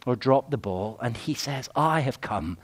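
A man preaches a sermon at a medium pitch. He piles up repeated phrases and slows right down on the words he wants to land. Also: expressive, husky.

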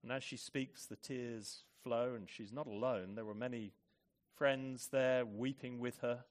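A man preaching a sermon, moving between hushed, measured reflection and loud, forceful emphasis. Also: medium pitch, steady tone.

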